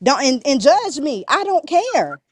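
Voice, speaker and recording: Woman going off in a nonstop cussing rant, kinda high voice, dry close sound. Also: big pitch swings, unhurried, dry recording. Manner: profane, cursing and insulting nonstop; blunt and defiant. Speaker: podcast guest. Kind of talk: heated rant in an interview.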